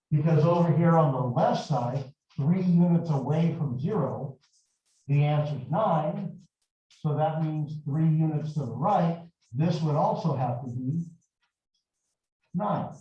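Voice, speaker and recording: A middle-aged man teaching a math class, explaining slowly and deliberately and wandering into chatty stories from his past. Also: fairly high pitch, mellow. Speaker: math instructor. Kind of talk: classroom lecture. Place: large echoey classroom. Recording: echoey, distant, dull classroom recording.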